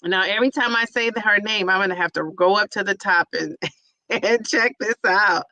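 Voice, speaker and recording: A chatty woman hosts a casual livestream and answers viewer comments. Her voice is bright and forward, with frequent laughs and names drawn out in a sing-song lilt. The sound is close and dry, with no room around it. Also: medium pitch, normal speed, no echo, highs cut off. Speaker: livestream host and teacher.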